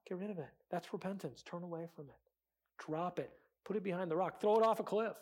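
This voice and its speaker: A man's voice: high-pitched, fast, a little mellow, husky. A man preaching a sermon as pastor, earnest, acting out quoted prayers and excuses.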